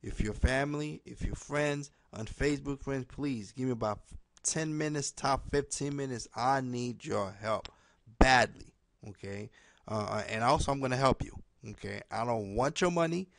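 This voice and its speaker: A man making a direct appeal to camera, pleading and repeating himself, ending most lines with a low "okay?". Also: moderate pace, vocal fry, no echo. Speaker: home business promoter.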